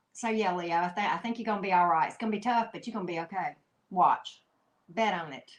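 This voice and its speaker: A woman's voice: fairly low pitch, a bit bright. A woman giving a live tarot reading, talking emphatically and chattily to her viewers, with frequent "mm-hmm" asides. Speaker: tarot reader.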